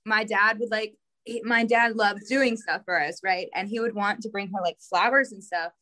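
A young woman co-hosting a podcast, chatting in a relaxed, reflective way with frequent fillers. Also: mid-range voice, moderate pace. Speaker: podcast co-host. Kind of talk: casual chat.

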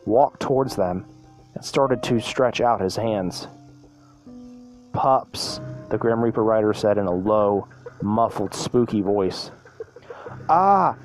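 A man's voice: medium pitch, a little mellow. Man reading a fan story aloud. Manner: plain reading with restarts.

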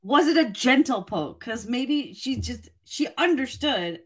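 A woman's voice: on the high side, animated, measured pace. A woman co-hosting a podcast, teasing and bantering playfully in casual chat.

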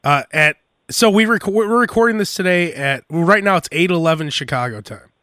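A man hosting a podcast, talking in casual banter as an animated storyteller who laughs often. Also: a little high, a little fast, dry recording. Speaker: podcast host.

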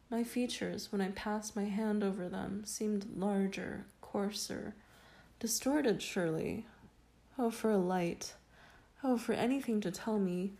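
A woman reading a first-person story aloud in a slow, solemn and measured way. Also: medium pitch, warm tone. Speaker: reader. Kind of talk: dramatic audiobook narration.

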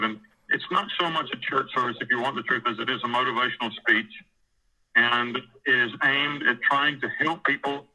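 A man's voice: mid-range voice, bright, forceful tone, husky, low-quality recording. A man in prison telling a rambling, profane story about taking over church services, often acting out what others said. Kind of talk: casual storytelling interview.

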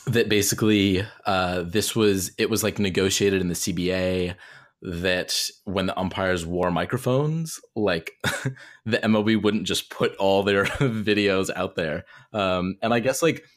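Male co-host, low voice, loose rambling delivery, casual sports talk. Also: unhurried. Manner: rambling with many "like" fillers. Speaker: podcast co-host.

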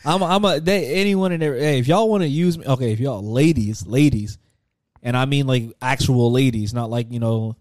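A man's voice: mid-range voice, a little fast, a little mellow, dry recording, studio quality. A young man co-hosting a podcast in casual chat, rambling and joking, often repeating himself. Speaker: podcast co-host.

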